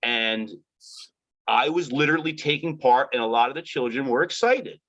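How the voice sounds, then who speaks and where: A man telling stories in casual chat on a video call, animated and acting out the voices of people he met. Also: medium pitch, normal speed. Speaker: cannabis activist in costume. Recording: dull lo-fi video call audio.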